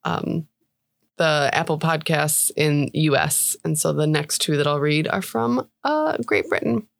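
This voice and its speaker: A woman's voice: sits low, measured pace, vocal fry, dry recording. A woman co-hosting a tabletop game podcast, chatting playfully and reading out listener reviews.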